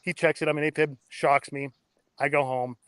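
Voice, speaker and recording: A man in his thirties, a podcast guest, telling his story in a blunt, excitable way and cursing freely. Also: on the high side, moderate pace, clean tone, no room sound. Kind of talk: casual interview storytelling.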